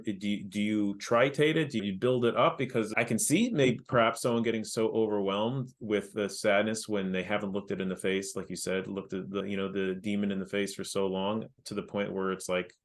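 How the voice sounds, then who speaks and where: Brief: male podcast host, lowish voice, long winding questions. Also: steady tone, a little fast, few pauses. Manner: rambling, searching questions with restarts. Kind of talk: podcast interview.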